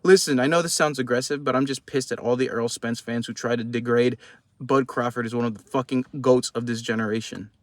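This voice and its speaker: A man's voice: medium pitch, steady tone, fairly quick, no room sound. A young man giving heated, profane post-fight boxing commentary in a casual vlog. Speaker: boxing vlogger.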